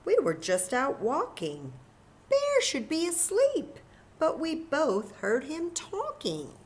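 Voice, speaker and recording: A woman's voice: high-pitched, huge pitch swings, slow, a little mellow, voice pushed up, full character voice. A woman voicing a friendly male hare in a children's storybook, chatty and concerned.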